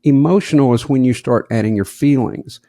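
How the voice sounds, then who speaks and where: A man co-hosting a podcast in casual chat, joking and wry, with a gravelly voice. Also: mid-range voice, fairly quick, dark tone, dry recording, studio quality. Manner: joking, self-deprecating, wry. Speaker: podcast co-host.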